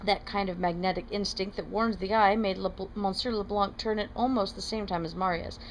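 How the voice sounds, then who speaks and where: A woman reading a classic novel aloud in a steady, plain manner, now and then correcting a word. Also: medium pitch, a little fast, a little hiss or hum, rough recording. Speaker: reader.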